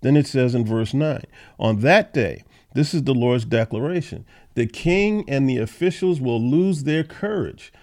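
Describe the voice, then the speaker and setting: A man with a mid-range, darkish, animated voice hosts a Bible study podcast, reading verses aloud and then explaining them plainly and conversationally. He speaks in an unhurried way.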